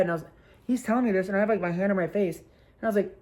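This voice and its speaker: A woman's voice: mid-range voice, very fast. A young woman in her twenties telling a casual storytime vlog, animatedly acting out what others said and swearing freely. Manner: animated retelling, acts out quotes, swears freely. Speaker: vlogger.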